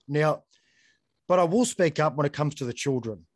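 A man's voice: fairly high pitch, expressive, moderate pace, no echo. A man hosting an interview, talking bluntly and conversationally and often saying "mate". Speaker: podcast host. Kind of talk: casual interview chat.

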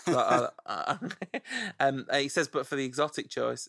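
A man's voice: medium pitch, steady tone, normal speed, creaky, fairly bright tone, dry recording, studio quality. A man hosting a podcast in casual chat, playfully savoring the sound of names as he reads out suggestions. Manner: playful, relishes saying names aloud. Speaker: podcast host.

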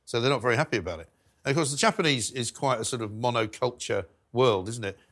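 A middle-aged man hosts a casual studio chat, telling anecdotes quickly. His voice has a bright, forceful edge. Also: medium pitch. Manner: anecdotal, chatty. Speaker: talk show host.

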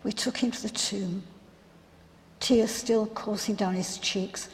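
Woman as a reflective biblical sister, unhurried monologue, mid-pitched, big reverberant hall. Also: fairly even intonation, natural voice. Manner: earnest, reflective, halting storyteller. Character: grieving biblical sister of a raised man, earnest and reflective. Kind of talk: first-person dramatic monologue.

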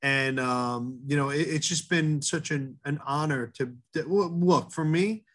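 A middle-aged man, a head baker, talking earnestly in an interview, halting often with fillers and restarts. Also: a little high, a bit bright. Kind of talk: casual interview talk.

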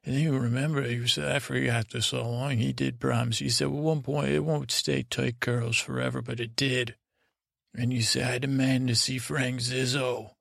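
A man telling a meandering, improvised bedtime story in a halting way, with many restarts and trailing asides. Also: level tone, fairly bright tone, no room sound, studio quality. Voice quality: gravelly, low-key drone. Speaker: sleep podcast host.

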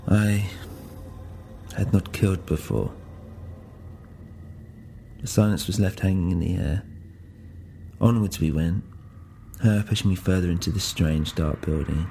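A man's voice: sits low, unhurried, creaky, pauses often, warm tone, faint music behind. A man narrating a first-person audio drama in a brooding, introspective way.

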